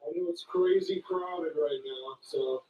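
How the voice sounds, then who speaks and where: A man's voice: on the high side, a little slow, mellow, lo-fi sound. A man streaming from a crowded public place, talking offhand and muttering to himself. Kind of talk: casual live commentary. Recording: echoey, distant from the mic.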